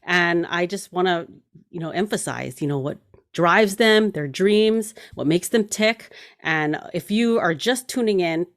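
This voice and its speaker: A woman's voice: on the low side, a little slow. Enthusiastic woman hosting an interview show. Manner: enthusiastic, rambling with many fillers. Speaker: podcast host. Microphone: video call.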